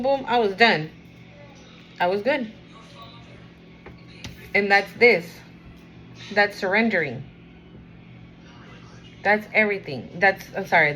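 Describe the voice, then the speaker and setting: A woman giving a casual spiritual card reading to camera, rambling and encouraging the viewer, sometimes dropping to a quieter murmur. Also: medium pitch, poor audio. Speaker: tarot and oracle card reader.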